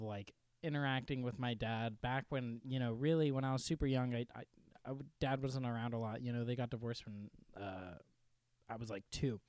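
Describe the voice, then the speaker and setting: A young man co-hosting a podcast in casual chat, telling stories in a profane, animated way. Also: medium pitch, clear, resonant tone, dry recording. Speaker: podcast co-host.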